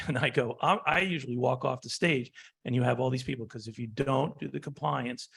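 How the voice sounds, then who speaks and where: A man's voice: mid-range voice, brisk, gravelly, fairly bright tone, husky. A man, an estate planning attorney, giving a conference presentation and animatedly acting out conversations with clients. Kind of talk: conference presentation with war stories.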